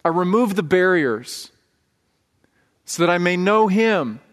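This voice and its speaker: A man with a fairly high voice preaches to his congregation in an earnest, conversational way, weaving personal stories into the sermon. His voice rings out with a long reverb from the church sanctuary. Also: expressive, takes it slowly. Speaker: pastor.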